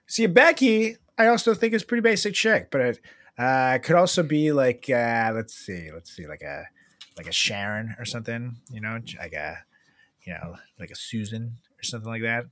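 A man's voice: medium pitch, expressive, normal speed, a bit bright, no room sound. A man co-hosting a casual comedic chat, laid-back and rambling with many fillers.

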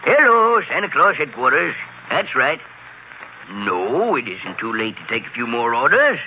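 Hearty Santa, bright and animated, faint hiss of an old radio broadcast. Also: male voice, medium pitch, dull audio, full character voice. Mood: cheerful. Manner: hearty, chuckling, brisk on the phone. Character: jolly busy old Santa Claus, kindly. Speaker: Santa Claus. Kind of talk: 1950s children's radio drama.

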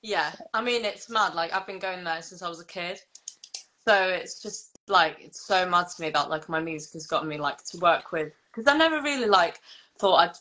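A woman's voice: lowish voice, lively intonation, moderate pace, bright, forceful tone. Nineteen yr old girl chatting as a guest, lots of "like", laughs easy. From England. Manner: chatty, fills with "like", laughs often. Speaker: guest singer-songwriter. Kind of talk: casual chat.

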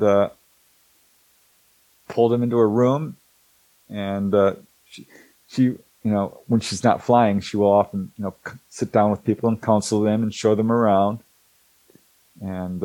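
A middle-aged man telling stories in a casual, animated way, acting out the people he quotes and laughing often. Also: fairly low pitch, unhurried, pauses often, no echo, rough recording. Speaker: host, author on alien abduction cases. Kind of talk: casual storytelling talk.

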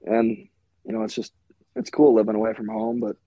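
Young guy goalie from minnesota chatting on a podcast, kinda gravelly, dark husky voice, loose and rambly. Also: mid-range voice, big pitch swings, a little fast, no echo. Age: young adult. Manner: laid-back, full of "like" and "you know". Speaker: hockey goalie guest. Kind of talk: casual podcast interview.

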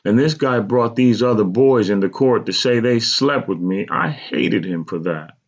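Male reader voices a pained, pleading mother, pitched well up from his own voice, on a dull lo-fi recording. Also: normal speed, close to an everyday voice. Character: pained, regretful mother recalling a hard youth.

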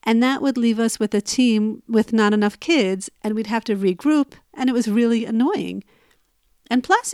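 A woman recounts a story from her own life in a conversational voice that sits on the higher side. She stays plain and matter-of-fact, then turns emphatic when she relives the argument. The recording is close and dry, with no room sound. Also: darkish tone, no echo. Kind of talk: personal storytelling.

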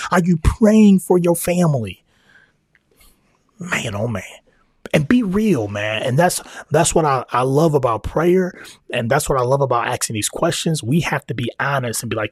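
A man's voice: a little high, a little mellow, husky, no room sound, studio quality. A man hosting a faith-based family podcast, talking casually in slang and repeating himself. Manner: conversational, slangy, repeats himself, sometimes drops into prayer. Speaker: podcast host.

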